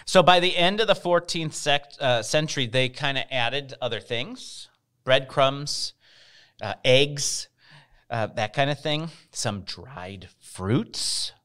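A relaxed male co-host telling history. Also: medium pitch, slow pace, clear, resonant tone. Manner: relaxed storytelling, wry and self-deprecating. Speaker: podcast co-host. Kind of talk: casual chat explaining history.

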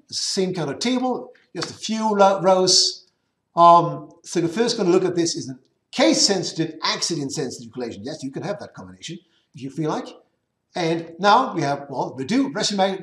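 A man giving a conference presentation with live demos, explaining step by step and often restarting his words. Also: reverberant. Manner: explanatory, lively pitch, self-correcting restarts. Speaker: conference speaker.

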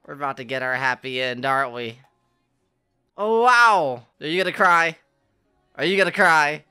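A man's voice: medium pitch, expressive, normal speed, bright, forceful tone, clear, resonant tone, soft background music. A man reacting to an anime finale in casual, emotional commentary, exclaiming and laughing often. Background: anime soundtrack playing faintly.

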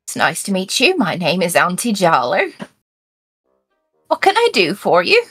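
A woman's voice: fairly low pitch, wildly swooping pitch, measured pace, a bit bright, slightly rough, faint music behind, full character voice. A woman voicing a very old, elegant female hobgoblin witch who dotes on visitors. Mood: doting. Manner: sweet, doting, fond of tea.

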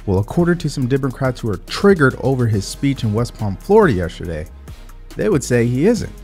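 A man's voice: mid-range voice, sing-song, brisk, a little mellow, faint music behind. A man hosting a political commentary channel, speaking emphatically and addressing the viewer directly.

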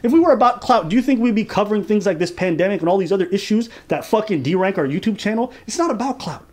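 A man with a fairly high voice gives a casual reaction commentary. He talks bluntly and crudely and mocks the people he is reacting to, breaking into laughs often. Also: lively intonation, fast. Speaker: reaction channel host.

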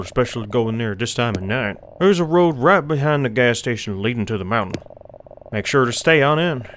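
A man's voice: mid-range voice, fairly bright tone, slight background noise, close to an everyday voice. A man voicing blunt, slightly irritable locals at a gas station in a video game. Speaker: game characters.

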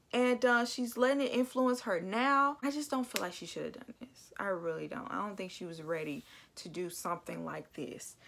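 A woman casually reviewing a reality TV episode, opinionated and animated, acting out quotes in voices. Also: medium pitch. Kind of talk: casual recap commentary.

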